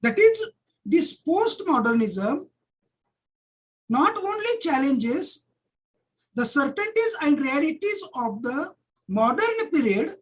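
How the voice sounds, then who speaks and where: A woman's voice: high-pitched, big pitch swings, takes it slowly, long pauses, low-quality recording. A middle-aged woman giving an academic webinar lecture, often repeating key phrases and starting sentences with "see".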